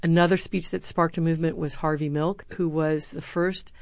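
Middle-aged woman, deep-pitched, earnest former speechwriter in an interview. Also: normal speed, no echo. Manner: earnest, animated when quoting others. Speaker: university lecturer. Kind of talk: interview answers, storytelling.

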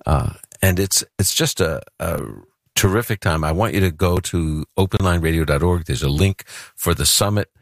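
A man's voice: deep voice, normal speed, dry recording, studio quality. A man from Brooklyn hosting a call-in radio show, chatty and earnest as he promotes an event and takes callers. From Brooklyn, New York. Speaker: radio host.

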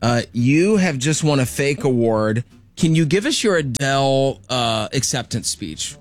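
A man's voice: mid-range voice, lively intonation, measured pace. A man hosting a morning radio show, playful and teasing with his guest. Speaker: radio host. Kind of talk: casual morning radio chat.

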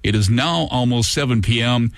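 A male talk-show co-host reading listener complaints aloud in an animated, theatrical way, breaking into shouted exclamations. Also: medium pitch, moderate pace, vocal fry, no room sound.

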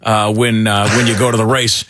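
A middle-aged man hosting talk radio, rambling and animated with lots of fillers. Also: fairly low pitch, normal speed, dry recording, clean studio sound. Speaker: radio talk show host. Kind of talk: casual talk radio banter.

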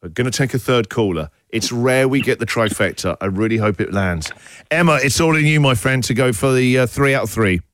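A man hosting a radio show, chatting casually with callers and tossing in quick jokes. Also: medium pitch. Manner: jokey, quick quips, animated. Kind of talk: casual on-air chat with callers.

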